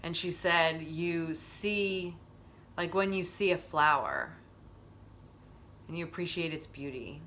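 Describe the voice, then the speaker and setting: A woman's voice: low-pitched, expressive, takes it slowly, pauses often, a bit bright, a little hiss or hum. A middle-aged woman hosting a wellness stream in casual chat, rambling and openly emotional as she talks.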